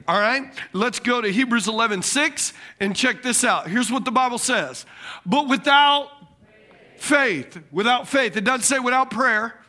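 Delivering a sermon in a very high voice, this pastor poses questions to the congregation and hammers on repeated key words. His delivery shifts between loud outbursts and softer lines.

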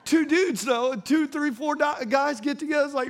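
A man with a strikingly high voice delivers a humorous sermon. He keeps it conversational and playful, using folksy slang and repeatedly calling on his listeners to agree with him. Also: a little fast, creaky. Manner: playful, calls out to the audience for agreement.

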